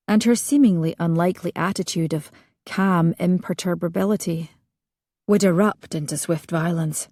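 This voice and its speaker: A woman reading a historical romance audiobook in a measured, expressive narration. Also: fairly low pitch, no room sound, clean studio sound.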